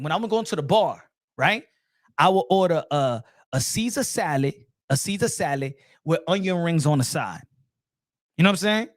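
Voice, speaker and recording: High-voiced man rambling about boxing. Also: dry recording, clean studio sound. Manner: rambling and repetitive, slangy, emphatic. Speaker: boxing channel host. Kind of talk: casual monologue.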